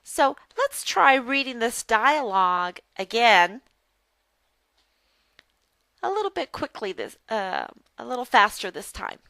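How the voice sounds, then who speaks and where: A woman teaching a phonics lesson as a reading tutor, speaking slowly and carefully and repeating words for pronunciation. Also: a little high, very animated, sharp tone, dry recording.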